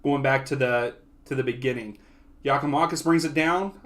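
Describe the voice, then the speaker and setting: A young man hosting a soccer watch-along, giving casual live play-by-play that often turns excitable. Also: medium pitch, normal speed. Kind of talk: live match commentary.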